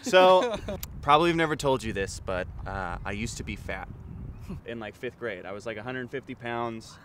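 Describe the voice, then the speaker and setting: A man's voice: medium pitch, animated, moderate pace, fairly bright tone, slight background noise. A man telling a self-mocking childhood story in casual chat.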